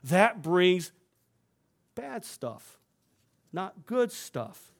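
High-voiced male pastor preaching. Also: very animated, very slow, gravelly. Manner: conversational, often checks in with the congregation. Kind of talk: sermon with personal story. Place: church before a congregation.

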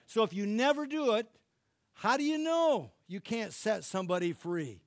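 A middle-aged man from Michigan preaching a sermon and leading prayer, fervent and rising to loud exclamations. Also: high-pitched, animated, moderate pace, no echo, studio quality. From Michigan, USA. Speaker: pastor.

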